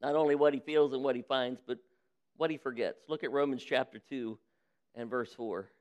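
A man preaching as a pastor, who reads a parable aloud with lively voices for its people and then preaches on it. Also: mid-range voice, moderate pace, smooth. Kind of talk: sermon with a read-aloud story. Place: church.

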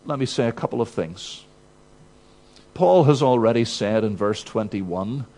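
A man's voice: medium pitch, a little mellow. A male preacher giving an expository sermon, emphatic and full of rhetorical questions.

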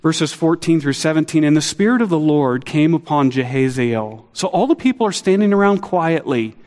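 A middle-aged man preaching a sermon, earnest and animated, acting out quotes with a lifted voice. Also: moderate pace, few pauses. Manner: earnest, animated, acts out quotes with rising pitch. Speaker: pastor. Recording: long hall reverb.

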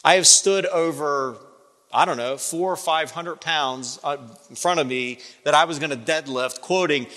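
A man preaching a sermon, telling a story from his own life and acting out the other person's lines with big jumps in pitch. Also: lively intonation, normal speed, pushed and bright. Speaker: pastor. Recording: long hall reverb.

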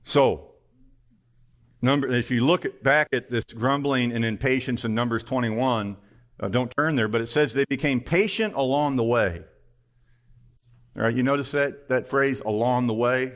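A man's voice: mid-range voice, moderate pace. A male pastor preaching an earnest sermon, full of pointed rhetorical questions.

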